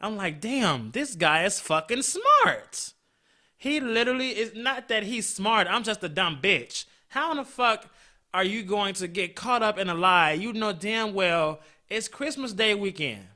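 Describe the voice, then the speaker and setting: A man hosting a podcast, telling a story in a blunt, profane, animated way. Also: sits high, moderate pace. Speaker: podcast host. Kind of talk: casual storytelling.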